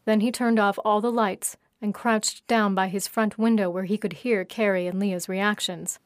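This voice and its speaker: A woman narrating her own story in a steady, even reading voice. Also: medium pitch, normal speed, dry recording, clean studio sound. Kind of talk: audiobook narration.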